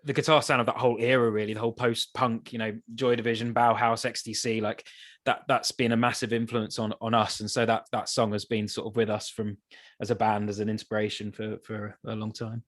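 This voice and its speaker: A man, a songwriter guest on a podcast, talking in a thoughtful, hesitant way with many restarts, his voice still a bit rough from the early morning. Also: lowish voice, level tone, a little fast, fairly bright tone. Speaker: musician guest. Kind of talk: casual interview chat.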